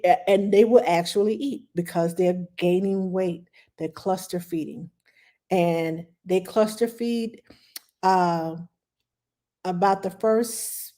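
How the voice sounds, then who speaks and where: A middle-aged woman talks parents through baby care in a casual, lively way. She is expressive and animated, and at times she drops into a low, soothing voice. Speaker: nanny giving baby-care advice. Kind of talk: casual advice talk.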